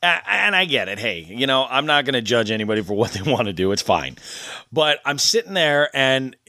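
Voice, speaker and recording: A man's voice: medium pitch, very animated, a little fast, pushed and bright, no echo, clean studio sound. A man hosting a casual podcast, telling a rambling fishing story with chuckles. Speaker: podcast host. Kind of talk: casual chat.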